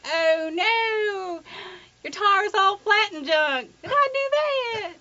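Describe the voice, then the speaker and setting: Woman putting on a talking pothole, drawl, high squeaky pitch, slow stretched singsong words. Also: lively intonation, bright, forceful tone, heavily acted. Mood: goofy. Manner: high, drawn-out, singsong delivery. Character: talking pothole, Southern-drawling, folksy and silly. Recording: slightly dull, lo-fi sound.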